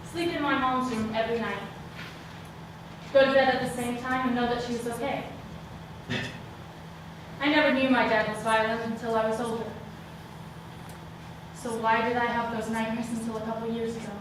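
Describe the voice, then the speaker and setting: High bright young woman, echoey stage. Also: fairly even intonation, moderate pace, pauses often, noisy background. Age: young adult. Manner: dramatic, swinging from hushed to shouting. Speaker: student performer. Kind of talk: solo stage monologue. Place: theater stage, live audience hall. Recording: echoey hall sound from a distant mic.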